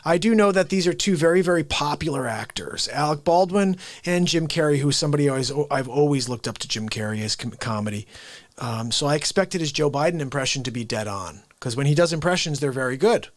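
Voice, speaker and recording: A man hosting an unscripted live comedy stream, talking in an excitable, rambling way and often cutting himself off mid-sentence. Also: a little high, fast, dry recording. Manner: excitable, rambling, self-interrupting. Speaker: livestream comedy host.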